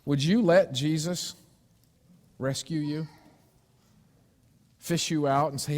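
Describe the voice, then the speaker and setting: A man's voice: a little high, steady tone, unhurried, long pauses. Preacher man telling a story in a reverberant church. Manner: storytelling with sudden loud screams and hushed asides. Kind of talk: sermon. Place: church sanctuary.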